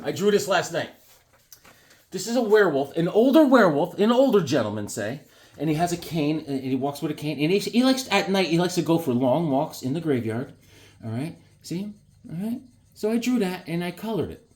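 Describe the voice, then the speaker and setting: A man talking casually to his camera about his drawings and comic books. His pitch swings widely and sits a little high for a man, and he keeps breaking into quick silly voices. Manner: animated, jumps into quick silly voices and shouts.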